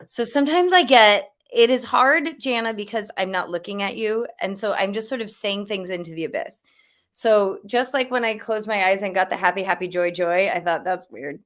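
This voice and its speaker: A woman shares an intuitive message on a livestream. She rambles casually, with fillers and small laughs along the way. Her talk sounds unscripted and relaxed. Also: mid-range voice. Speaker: intuitive reader. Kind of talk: livestream reading.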